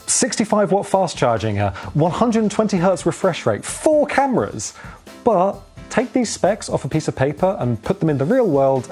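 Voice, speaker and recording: A man giving a scripted tech review in a clear, measured and lightly wry way, filmed outdoors on a phone's own microphone. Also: on the high side, dark tone. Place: outdoors in wind. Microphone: phone's built-in microphone.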